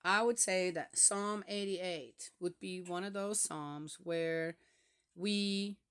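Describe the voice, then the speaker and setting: A woman reads scripture aloud and breaks off to think out loud about it. Her comments are hesitant and wandering, and she keeps turning to the listener with a questioning "yes?". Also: fairly low pitch, steady tone, slow, clean tone. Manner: musing, hesitant, checks in with listeners by asking "yes?". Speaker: scripture reader. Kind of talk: reading psalms aloud with personal reflection.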